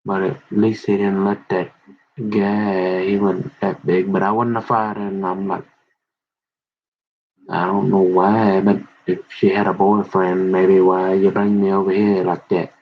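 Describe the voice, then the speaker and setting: A middle-aged man with a husky, somewhat low voice rambles through memories from his school days, acting out the people he quotes. The recording sounds dull and lo-fi. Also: a little slow. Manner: rambling, quoting others in animated voices. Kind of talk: casual storytelling about high school memories.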